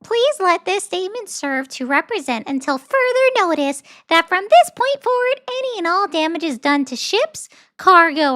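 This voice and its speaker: A woman's voice: very high-pitched, fairly bright tone, pitched above the performer's own voice, exaggerated voice. A woman putting on a mocking impression of a blustering older male president, reading an overblown official statement in a stiff, pompous way. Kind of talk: mocking read-aloud impression.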